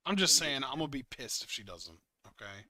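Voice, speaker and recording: A man's voice: mid-range voice, very animated, fairly quick, bright, forceful tone. A man co-hosting a live wrestling watch-along, chatting casually and bluntly and swearing freely, on a home streaming mic. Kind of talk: live reaction chat.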